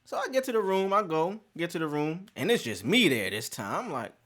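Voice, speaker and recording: Wildly animated, slangy male storyteller. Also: on the high side, brisk. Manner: animated, slangy and profane, acting out scenes. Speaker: podcast host. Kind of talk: casual storytelling.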